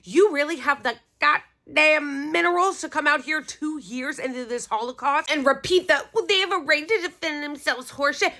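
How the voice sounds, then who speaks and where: A woman's voice: high-pitched, sharp tone. A woman giving angry reaction commentary, ranting with heavy profanity. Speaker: political commentator.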